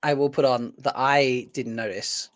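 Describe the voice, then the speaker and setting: A man hosting a live after-show stream, relaxed and chatty, reading out viewer comments while working his screen. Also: medium pitch, measured pace. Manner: relaxed, reads chat comments aloud, talks while doing tasks on screen. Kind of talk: casual live-stream chat.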